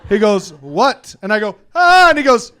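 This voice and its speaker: A man from Missouri telling a rambling, animated story on stage, swearing freely as a comedy co-host in a live Q&A. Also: sits high, fast, slight background noise.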